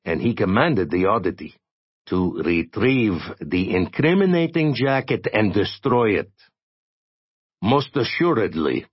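A man voicing a proud alien psychic lord who speaks in a grave, formal, measured way, low and soft. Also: breathy edge, no room sound, muffled recording, exaggerated voice.

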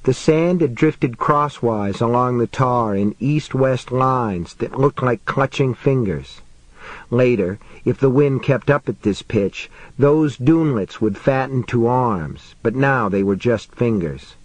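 Slow, dry-voiced male audiobook narrator. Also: mid-range voice, expressive, no echo, rough recording. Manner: measured, tense storytelling.

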